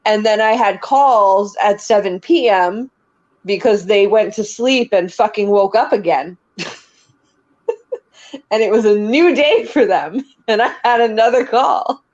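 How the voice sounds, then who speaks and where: A woman telling stories at an unhurried, drawn-out pace, rambling along and breaking into laughter. Her voice sits at an ordinary pitch. The recording is a little dull and lo-fi. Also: darkish tone. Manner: rambling storyteller, laughs often, fillers. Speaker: streamer. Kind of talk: casual stream chat, anecdotes. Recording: slightly dull lo-fi sound.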